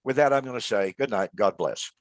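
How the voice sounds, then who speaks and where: A man's voice: on the low side, brisk. A man co-hosting a casual Bible study show, retelling history with emphatic, dramatic storytelling. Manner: emphatic storytelling, builds to loud dramatic quotes. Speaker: co-host of a Bible radio show.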